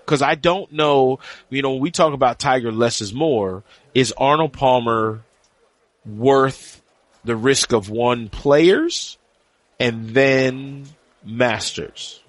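A man co-hosting a casual golf podcast, talking in animated, teasing bursts. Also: medium pitch, takes it slowly, no echo. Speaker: podcast co-host and golf reporter. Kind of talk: casual sports podcast chat.

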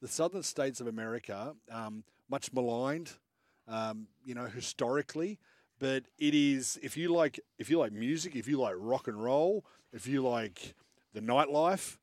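A man's voice: mid-range voice, moderate pace, no echo, studio quality. A man, a radio co-host, telling a travel story with lots of "um"s. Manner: storytelling with many fillers. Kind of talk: casual radio chat.

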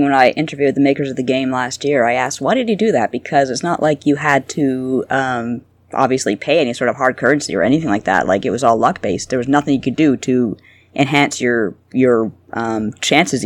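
Agreeable, easygoing woman co-host from Canada; relaxed chat, close and dry. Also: extremely low pitch, a little fast, no echo. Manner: agreeable, easygoing, laughs often. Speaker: podcast co-host. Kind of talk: casual podcast chat.

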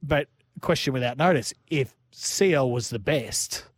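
A man hosting a casual motorsport talk, asking quick questions and laughing often. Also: mid-range voice, dry recording, clean studio sound. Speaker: host. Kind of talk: casual chat.

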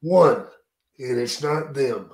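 A man's voice: mid-range voice, slow, darkish tone. A man hosting a podcast in a casual interview, talking bluntly and swearing freely with strong opinions. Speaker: podcast host. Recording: roomy echo.

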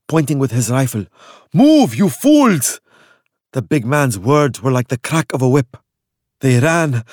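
A man narrating a dark story in a measured, dramatic audiobook style. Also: mid-range voice, no echo, clean studio sound.

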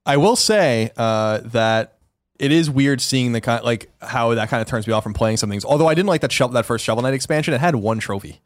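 A man's voice: medium pitch, brisk, no echo, clean studio sound. A man co-hosting a gaming podcast in casual chat, often exasperated and restarting his words. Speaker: podcast co-host.

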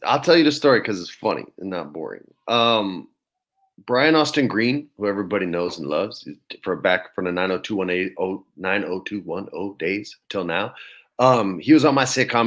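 A man, an actor, telling a story in casual chat, lively and swearing freely as he acts out quotes. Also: deep voice. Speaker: actor guest.

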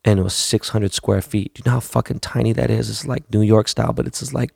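A man's voice: on the low side, fairly even intonation, fast talker, creaky, darkish tone, slightly rough, dry recording, clean studio sound. A man in his thirties from the US West Coast, hosting a podcast in a blunt, profane, rambling monologue. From United States, West Coast. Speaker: podcast host. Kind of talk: casual monologue.

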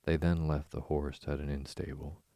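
A man host narrating a bedtime story in a slow, soothing, even reading. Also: very deep voice, creaky, no room sound, clean studio sound. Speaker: podcast host and reader.

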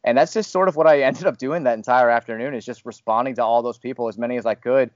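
A man's voice: medium pitch, fast talker, darkish tone, no room sound, muffled recording. A man hosting a casual podcast, talking candidly and rambling a little, with self-deprecating humor. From Louisville, Kentucky area. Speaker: podcast host, fired radio host.

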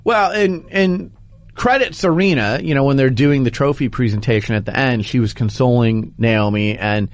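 A man hosting a sports talk show, laying out his opinions in an animated, argumentative way. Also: medium pitch, normal speed, no echo.

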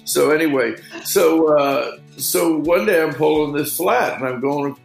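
A middle-aged man with a gravelly edge, spinning loose fishing stories in a relaxed interview. He wanders through his anecdotes, peppering them with "you know", and the room around him rings with echo. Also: fairly high pitch, measured pace, faint music behind. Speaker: fishing guide. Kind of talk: casual storytelling interview.

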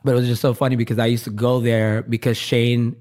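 A man's voice: medium pitch, level tone, quick pace, darkish tone. A man from Brooklyn, a designer telling stories in a casual interview, rambling with lots of fillers and sometimes getting emotional. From Brooklyn, New York. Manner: candid, rambling, many "like" fillers; gets emotional, laughs often. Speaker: fashion designer guest.

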